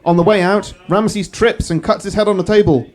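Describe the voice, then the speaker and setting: A podcast host narrating a comic story at a live pub show. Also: male voice, high voice, a little fast. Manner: steady storyteller.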